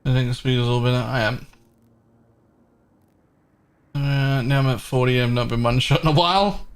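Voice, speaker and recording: A man's voice: medium pitch, normal speed, clean tone. A man streaming a game live, giving casual, rambling commentary and thinking aloud as he plays.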